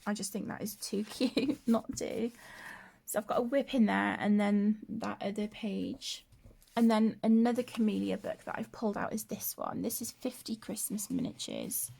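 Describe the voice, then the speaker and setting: A woman hosting a colouring vlog, soft-spoken and gushing, often dropping to a whisper, tired from broken sleep. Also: medium pitch, creaky, slightly rough. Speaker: colouring channel host. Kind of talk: casual show-and-tell vlog.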